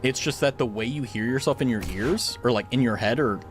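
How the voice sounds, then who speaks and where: Soft music plays behind a young man in casual gaming stream chat at home. Using a studio dynamic mic, he talks fairly quickly in a mid-range voice, rambling, giggling, and leaning heavily on filler words.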